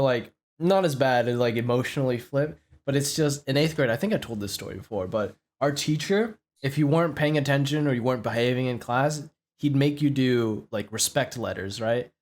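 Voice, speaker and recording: A man's voice: medium pitch, moderate pace. Young man rambling through a story. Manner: rambling, heavy use of filler words and swearing. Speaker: podcast host. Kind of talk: casual storytelling chat.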